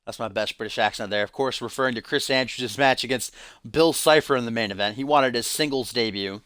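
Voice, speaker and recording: A man's voice: mid-range voice, fairly quick, fairly bright tone, clean tone, dry recording, studio quality. A man hosting a live stream, giving joking play-by-play of a wrestling video game between chat asides. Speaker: stream host and commentator.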